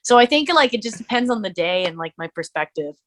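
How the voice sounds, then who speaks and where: A young adult woman, a musician and streamer, chatting casually as a podcast guest, full of "like" fillers and quick to laugh. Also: medium pitch, expressive.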